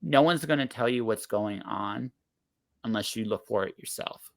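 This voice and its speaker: A man's voice: fairly low pitch, moderate pace, gravelly. A man in his forties in casual podcast conversation, blunt and emphatic, swearing freely and often cutting himself off mid-sentence. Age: 40s.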